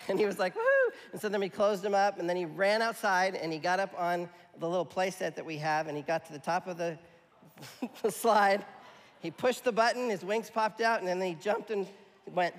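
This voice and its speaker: A man delivers a sermon in a conversational, emphatic style, often turning to his listeners for agreement. His voice sits a bit high and carries a gravelly edge. The sound trails off into a long hall reverb. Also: fairly even intonation, normal speed. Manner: conversational preaching, checks in with the audience. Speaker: pastor.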